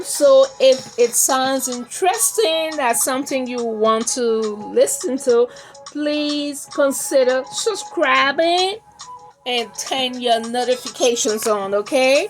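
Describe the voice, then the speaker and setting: Woman, reaction host, high voice, slow, indignant commentary, faint music. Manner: indignant, scolding, repeats questions. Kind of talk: casual commentary.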